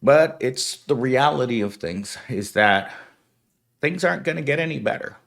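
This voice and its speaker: A man's voice: medium pitch, animated, normal speed, vocal fry, a bit bright. A man with a stuffy, nasal voice from being sick, talking as a YouTuber in a blunt, sardonic vlog. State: sick and congested. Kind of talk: casual vlog commentary.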